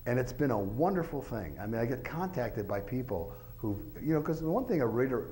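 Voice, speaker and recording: A man's voice: mid-range voice, sing-song, fairly quick, dark tone, a little hiss or hum, rough recording. A man, an author, giving an informal talk to an audience, rambling through anecdotes with lots of filler phrases and acting out quoted voices.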